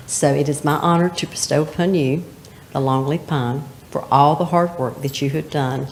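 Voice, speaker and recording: A woman's voice: low-pitched, fairly even intonation, moderate pace, few pauses, echoey room, a little hiss or hum. A woman, a state representative, presenting an award at a town council meeting, chatty and laughing between formal lines. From North Carolina.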